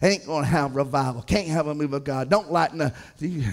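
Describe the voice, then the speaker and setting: A man preaching a Pentecostal sermon, building from low muttered lines to shouted, half-sung refrains full of repeated phrases and hallelujahs. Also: a little fast. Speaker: pastor.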